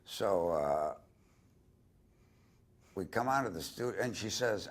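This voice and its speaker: A man's voice: fairly low pitch, expressive, slow, pauses often. An older man, an interview guest, telling a long personal story and doing voices for the people he quotes. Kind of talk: anecdotal storytelling.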